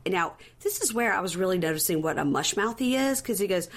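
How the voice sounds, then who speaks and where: A woman's voice: mid-range voice, brisk. A woman co-hosting a podcast, retelling scenes casually and acting out the quotes. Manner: animated retelling with acted-out quotes. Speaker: podcast co-host. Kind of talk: casual recap chat.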